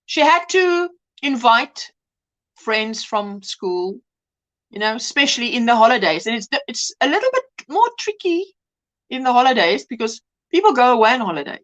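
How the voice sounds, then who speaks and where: A woman chats her way through a crochet livestream in a high-pitched voice. Her tone swings up and down as she gushes over patterns and calls out hellos to the chat. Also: very animated, moderate pace, a bit bright. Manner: chatty, exclaims over projects and greets viewers in the chat. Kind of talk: casual live-stream chat.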